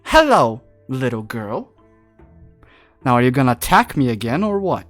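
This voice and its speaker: A woman's voice: a bass voice, sing-song, normal speed, dry recording, faint music behind. Woman playing a nagging, indignant companion. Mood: haughty. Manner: sharp and indignant. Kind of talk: tabletop role-play voicing.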